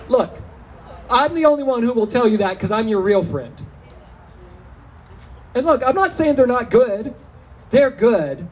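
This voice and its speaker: A man performing a stand-up comedy set, deadpan and self-mocking, slipping into quoted voices. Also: sits high, slight background noise, low-quality recording. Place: small venue, live audience.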